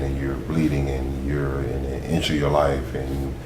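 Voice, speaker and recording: A man's voice: very deep voice, flat delivery, normal speed, hardly any pauses. A man, a veteran guest, telling a humorous, laid-back story about being wounded. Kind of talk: casual storytelling. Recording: echoey room, faint noise.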